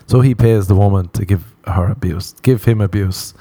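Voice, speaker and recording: A man's voice: lowish voice, moderate pace, warm tone, no room sound. A young Irish man telling crude, self-mocking comic stories and laughing at his own jokes. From Ireland. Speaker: comedian. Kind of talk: comedic monologue.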